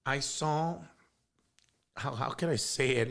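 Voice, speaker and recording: A man's voice: mid-range voice, slow, long pauses, a bit bright. A man, telling a heartfelt story as an interview guest, rambling with many fillers and bits of Spanish slang. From South Texas.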